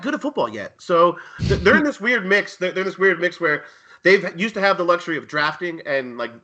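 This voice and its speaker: A wry man co-hosts a casual sports betting chat, joking his way through wandering sentences. His voice is bright and forward, pitched a little high. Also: very animated, a little fast, dull audio. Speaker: podcast co-host.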